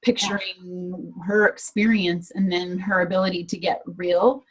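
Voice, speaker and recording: A woman's voice: on the low side, level tone, a little slow, breathy edge, low-quality recording. A woman taking part in a workshop, talking in an emotional, enthusiastic way. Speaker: workshop participant. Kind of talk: casual chat.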